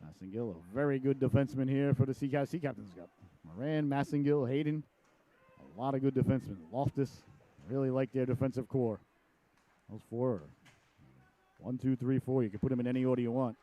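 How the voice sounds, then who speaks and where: Calling a hockey game live, this middle-aged announcer jokes around, chats, and wanders off into personal anecdotes. His medium-pitched, mellow voice moves at a quick pace and leaps up sharply whenever there's a shot or save.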